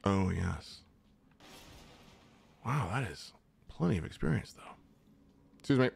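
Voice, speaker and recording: Lively, chatty young man gaming. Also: lowish voice, measured pace, vocal fry, slight background noise. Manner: chatty, jokey, talks to enemies. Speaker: gaming channel host. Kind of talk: casual let's-play commentary.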